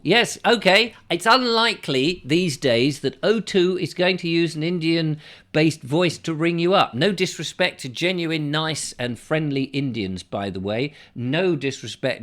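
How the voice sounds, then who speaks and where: A fairly high, slightly bright male voice carries this casual vlog monologue, in which the host rambles through a story to camera with plenty of wry asides.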